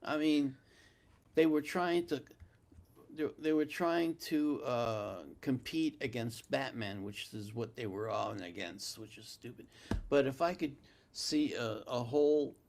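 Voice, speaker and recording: A man's voice: medium pitch, unhurried, a little mellow. A middle-aged man co-hosting a casual live chat, telling blunt anecdotes with hesitant fillers. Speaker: co-host, film producer.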